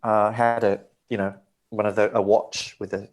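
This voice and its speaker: A man's voice: on the low side, little pitch movement, moderate pace. Middle-aged man, interview guest, rambling anecdote, acts out quotes. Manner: rambling, vivid storytelling with acted-out quotes. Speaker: guest, record producer. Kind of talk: animated anecdote in a sit-down interview.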